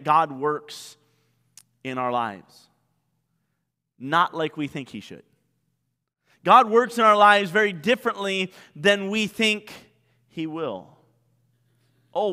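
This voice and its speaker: A male pastor preaching a sermon, animated, with many rhetorical questions. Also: a little high, big-room sound.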